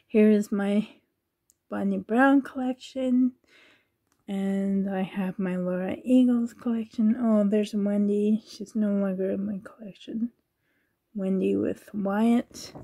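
A woman's voice: medium pitch, mellow. A woman in her thirties talking casually on her vlog, sensitive and near tears, laughing nervously as she speaks. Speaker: reborn doll collector and YouTuber.

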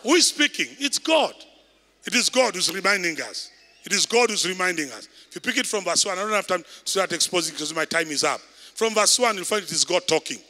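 A man with a Kenyan accent, a bishop preaching a loud sermon and calling out to the congregation in a large church. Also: sits high, expressive, fairly quick. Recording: echoey church hall.

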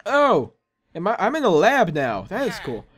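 A man hosting a let's play, commentating excitedly with loud exclamations and jokes. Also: sits high, normal speed, background noise. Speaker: gaming channel host.

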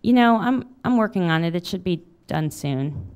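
A woman reading aloud the lines of a sleepy young male writer just woken by a phone call, drowsy and halting. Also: sits high, lively intonation, clear, resonant tone.

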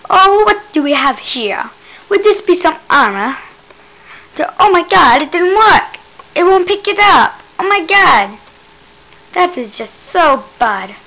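A woman giving casual gameplay commentary, excitable and teasing, exclaiming again and again and mock-scolding the player. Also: extremely high pitch, a little slow, low-quality recording.

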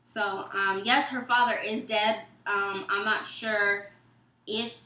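A woman guest telling a story in a casual chat, animated and acting out what others said, in loose informal speech. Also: medium pitch, slow. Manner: animated, acts out quoted texts and dialogue. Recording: echoey room.

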